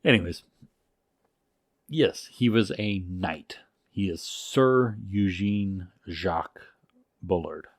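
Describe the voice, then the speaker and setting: A man co-hosting a podcast, telling a story in casual, profane, animated talk. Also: sits low, slow pace, pauses often, no room sound, clean studio sound. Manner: animated, profane, full of restarts.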